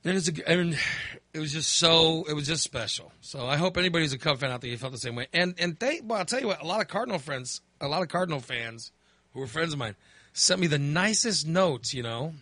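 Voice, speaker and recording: A middle-aged man chatting casually, telling a story with lively acted-out reactions. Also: a little high, fast talker, no room sound. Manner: animated storyteller, acts out his own reactions. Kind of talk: casual chat.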